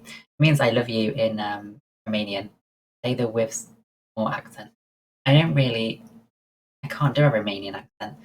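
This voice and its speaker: Very low-voiced woman chatting. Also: normal speed, long pauses, a little mellow, slight background noise, low-quality recording. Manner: chatty, greets and answers chat messages. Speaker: livestreamer. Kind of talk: casual chat with live viewers.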